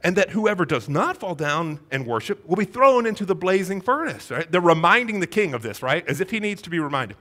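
Animated preacher with lively pitch. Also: male voice, a little fast, few pauses. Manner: animated storytelling, acts out Bible characters' voices; conversational, rhetorical questions to the congregation. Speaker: pastor. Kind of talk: sermon.

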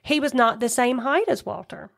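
A woman's voice: on the high side, animated, moderate pace, vocal fry, a bit bright. A woman co-hosting a podcast, retelling a true-crime case in a chatty way with asides. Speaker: podcast co-host.

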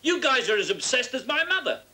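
A man's voice: very high-pitched, very animated, brisk, pushed and bright, exaggerated voice. An exasperated architect in a film, defending himself against accusations. He is indignant and pushes his voice up as his patience runs out. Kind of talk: feature film dialogue.

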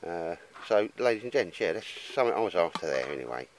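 A man's voice: sits low, sing-song, fast, noisy background. A man vlogging to a handheld camera in the woods, blokey and rambling, calling people mate. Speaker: outdoor gear vlogger. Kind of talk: casual chat to camera in the woods. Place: woodland outdoors.

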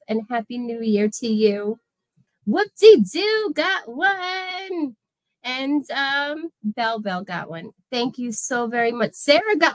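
A woman in her thirties hosts a casual livestream, effusively thanking viewers by name. Her voice is fairly high in pitch, and there is no echo.

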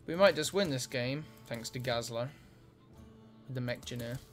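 A man's voice: mid-range voice, moderate pace. A man casually commentating his own card game match, thinking aloud as he plays. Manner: relaxed, thinking aloud while playing. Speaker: gameplay commentator. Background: game music.

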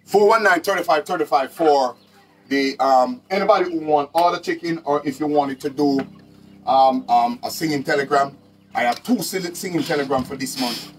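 A man's voice: fairly high pitch, normal speed, slight background noise. A Jamaican man hosting a live stream to sell chickens, talking casually in patois and repeating his phrases.

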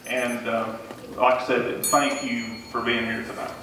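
A man's voice: mid-range voice, little pitch movement, unhurried. A man with a Southern US accent, a city council candidate giving an earnest forum speech and repeating himself now and then. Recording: echoey room, mic far off, noisy.

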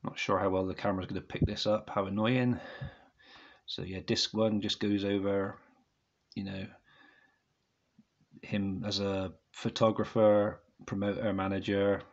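Man with a low, dull-sounding voice. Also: little pitch movement, measured pace, long pauses. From United Kingdom. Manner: rambling, keeps apologising to viewers. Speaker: DVD reviewer. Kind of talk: casual review to camera.

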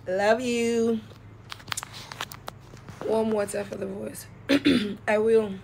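A young woman chatting slowly and playfully on a late-night livestream, her voice tired and a little croaky. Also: a little high, fairly even intonation, darkish tone, a little hiss or hum. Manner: slow, drawling, playful. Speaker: livestreamer reading comments. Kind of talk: late-night live stream chat.

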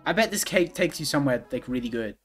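A man at medium pitch streaming a video game, reacting out loud as he plays. He swears freely and lurches between low muttering and sudden loud outbursts. Quiet game music plays underneath. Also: quick pace, slightly rough. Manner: excitable, profane, swings from mumbling to yelling. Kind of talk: live gaming commentary.

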